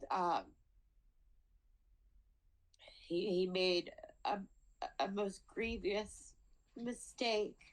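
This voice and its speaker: A woman's voice: medium pitch, low-quality recording. Lady on a video call asking for her dad's release, keeps stumbling and restarting, choked up. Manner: halting, repeats words, tearful. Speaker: daughter speaking at a hearing. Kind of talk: emotional plea over a video call.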